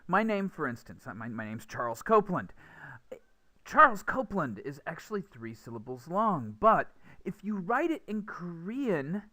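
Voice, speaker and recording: A man's voice: high-pitched, very animated, moderate pace, pushed and bright. A young man teaching a recorded English pronunciation lesson, explaining patiently and often repeating words as he restarts.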